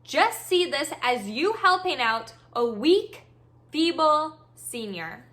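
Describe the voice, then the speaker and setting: A woman voicing a pushy female buyer who poses as a frail senior, pleading and insistent, in a high bright voice. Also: very animated, slow pace, heavily acted.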